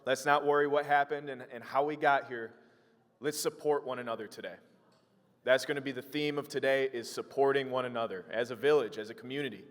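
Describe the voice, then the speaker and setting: A young man from Wisconsin giving a motivational speech to a live audience, telling a story earnestly and emotionally, with energetic bursts. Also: medium pitch, brisk. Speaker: motivational speaker. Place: room with an audience. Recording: long hall reverb.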